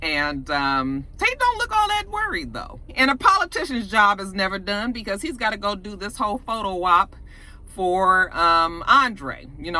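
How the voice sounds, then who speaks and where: A young woman casually recapping a TV episode in a chatty, profane, animated way. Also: fairly low pitch. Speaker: TV episode reviewer.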